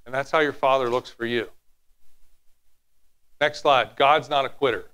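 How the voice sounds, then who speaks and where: A man preaching a sermon, animated, sometimes dropping to a hushed tone and acting out little quotes. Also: mid-range voice, moderate pace, clean tone. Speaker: pastor.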